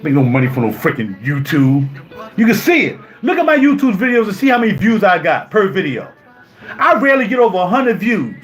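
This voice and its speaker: Heated youtuber guy, 50s, high voice, keeps repeating himself, quiet music in the back. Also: big pitch swings, fairly quick. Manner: indignant, repeats himself, rhetorical questions. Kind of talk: heated live-stream rant. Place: home music studio.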